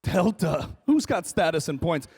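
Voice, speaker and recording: Wry high-voiced comedian. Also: male voice, a little slow, breathy edge. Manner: wry, animated, plays to the crowd. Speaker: stand-up comedian. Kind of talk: stand-up comedy set on stage. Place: large conference hall stage.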